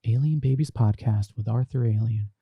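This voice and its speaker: Young man, podcast host, reading live chat, casual riffing, low gravel, dry close sound. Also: moderate pace, no echo, dull audio. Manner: reads viewer comments aloud and riffs on them. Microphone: desk microphone through a mixer.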